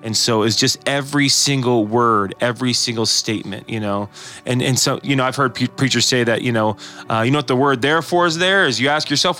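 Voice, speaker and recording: A man's voice: medium pitch, a little fast, pushed and bright, soft background music. A man co-hosting a casual faith podcast, rambling through his thoughts with frequent restarts and acted-out quotes. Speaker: podcast co-host. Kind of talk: casual chat.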